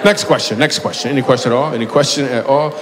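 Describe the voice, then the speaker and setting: A man's voice: mid-range voice, fast, noisy background. A man doing stand-up crowd work, telling stories and teasing audience members with bursts of laughter. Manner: loose, teasing, storytelling with bursts of excited laughter. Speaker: stand-up comedian taking audience questions. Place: large hall before a live audience. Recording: live hall with long reverb.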